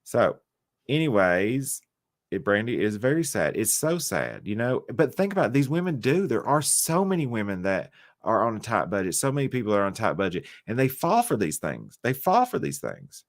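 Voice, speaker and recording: A man hosts a loose, chatty livestream, teasing his viewers and joking back at their comments. His voice sits on the low side and the sound is dry and close, with a loose, tipsy edge from wine. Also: huge pitch swings, moderate pace, no room sound. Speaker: livestream host. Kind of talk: casual livestream chat with viewers.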